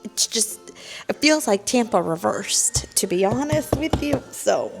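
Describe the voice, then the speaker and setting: A woman's voice: medium pitch, expressive, a little slow, vocal fry, faint music behind. A young woman in her twenties vlogging casually at home at night about the books she is reading, gushing and dramatic, swearing freely. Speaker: book vlogger. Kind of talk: casual vlog chat.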